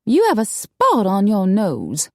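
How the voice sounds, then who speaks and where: A woman voicing a flighty, excitable young woman in an audiobook, with high breathy exclamations. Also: measured pace, dry recording, studio quality, exaggerated voice. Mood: flustered.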